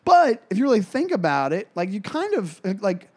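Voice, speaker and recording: High-voiced man telling rambling stories. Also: wildly swooping pitch, normal speed, darkish tone. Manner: rambling, self-interrupting storytelling. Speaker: podcast co-host. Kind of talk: casual comedy podcast chat.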